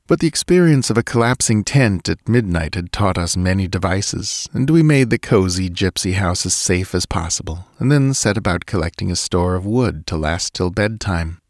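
A man narrating a story in a measured, deliberate reading. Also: sits low, lively intonation, dry recording, clean studio sound. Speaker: audiobook narrator.

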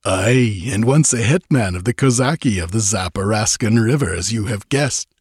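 Hard cool outlaw boss, a guy reading it, husky low voice, calm and bossy, dry sound. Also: normal speed, no echo. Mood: hard, commanding. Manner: imperturbable, commanding. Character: cool, ruthless male outlaw chief, hard and commanding.

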